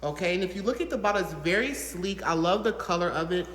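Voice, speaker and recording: An enthusiastic host chats through a product review, gushing and rambling with plenty of fillers. The voice sits at an ordinary middle pitch. It rings out in a hard room with a long, roomy reverb tail. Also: expressive, quick pace, fairly bright tone. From Southern United States. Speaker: fragrance reviewer, channel host. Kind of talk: casual to-camera product review.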